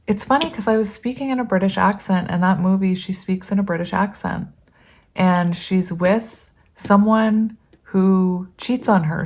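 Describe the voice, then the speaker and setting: A woman giving a casual tarot reading to her viewers, chatty and rambling, often laughing and reading card meanings aloud. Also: mid-range voice. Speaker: tarot reader.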